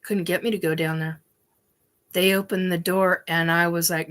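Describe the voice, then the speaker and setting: A woman's voice: fairly low pitch, flat delivery, normal speed, a bit bright. A woman hosting a show, telling a personal story in a rambling, emphatic way with many ums and restarts. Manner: emphatic, swears casually. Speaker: host.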